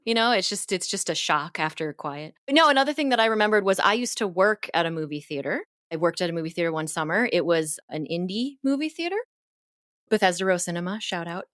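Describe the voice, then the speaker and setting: A woman's voice: mid-range voice, a bit bright, no echo, clean studio sound. A young adult woman co-hosting a casual chat, laughing often and steering the conversation. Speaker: co-host.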